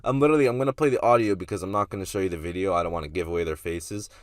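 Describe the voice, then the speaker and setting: Young male vlogger, low-pitched, laid-back storyteller with slang and swearing, dry sound. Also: racing, no room sound. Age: young adult. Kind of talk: casual storytelling.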